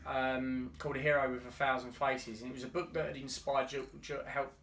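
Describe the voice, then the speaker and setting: A man's voice: medium pitch, little pitch movement, a little fast, a bit bright, recorded from a distance. A man co-hosting a podcast, talking earnestly in casual chat and often restarting his words. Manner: earnest, many restarts and stammers. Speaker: podcast co-host. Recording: roomy, off-mic.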